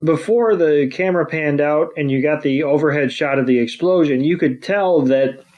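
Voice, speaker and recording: A man's voice: fairly high pitch, moderate pace, dull audio. A man co-hosting a podcast, recapping a cartoon episode in casual chat, rambling with many fillers and acting out the characters' lines. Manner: rambling, many ums and you-knows, acts out quotes. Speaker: podcast co-host.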